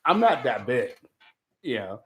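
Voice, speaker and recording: Laughing storyteller man, mid-pitched voice. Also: sing-song, unhurried, fairly bright tone. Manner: laughs through his stories, acts out the people in them. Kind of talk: casual storytelling.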